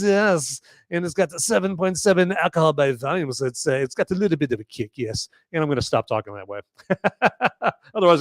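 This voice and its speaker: A man's voice: medium pitch, no echo, studio quality. A man from the United States hosting a live movie review podcast, rambling in casual chat with lots of fillers and restarts. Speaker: podcast host.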